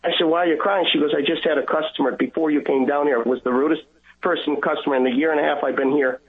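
A man's voice: fairly high pitch, steady tone. Earnest man on a tinny phone line. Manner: earnest, halting storyteller who acts out dialogue. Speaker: guest caller. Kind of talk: telling a personal faith story.

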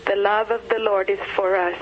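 A caller phoning in, speaking hesitantly at first, then reciting a devotional poem in a measured way. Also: medium pitch, level tone, slight background noise. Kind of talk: phone call reading a poem. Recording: dull phone line.

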